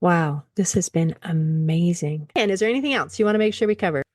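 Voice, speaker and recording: A woman's voice: fairly low pitch, a little fast, no echo, clean studio sound. A woman podcast host interviewing a guest, answering with effusive, affirming remarks. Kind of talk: interview hosting.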